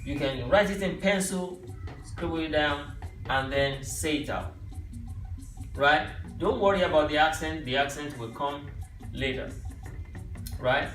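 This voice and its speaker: A man's voice: on the high side, a little slow, pauses often, fairly bright tone. A man teaching a youth language class, patiently walking his students through simple phrases and often checking with "right?". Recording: echoey room, mic far off, music behind.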